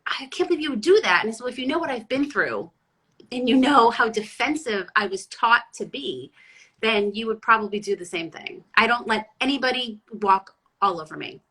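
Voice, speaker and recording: A woman's voice: fairly high pitch, fairly quick, breathy edge, rough recording. A middle-aged woman from Boston, a chef and former sports reporter, telling stories bluntly in a casual interview. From Boston area, USA. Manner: blunt, animated storytelling.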